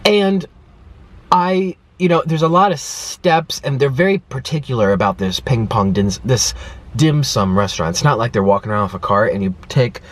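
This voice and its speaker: Animated young man, lively chatty voice. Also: medium pitch, moderate pace. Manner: animated storytelling with acted-out quotes. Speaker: food vlogger. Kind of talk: casual chat to camera. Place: in a car.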